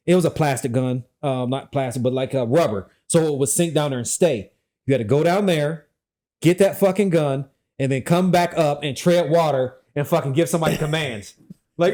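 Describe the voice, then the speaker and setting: Guy telling a funny story, laughs a lot, kinda high voice, swears a bunch. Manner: animated, laughing often, swears freely. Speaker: guest, former Secret Service officer. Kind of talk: casual storytelling chat.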